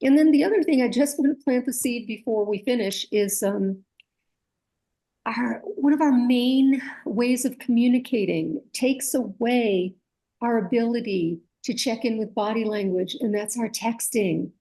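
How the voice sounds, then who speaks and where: Woman co-host, warm mellow voice, calm and reflective about communication. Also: on the high side, unhurried, rough recording. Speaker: co-host coach. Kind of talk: casual educational chat.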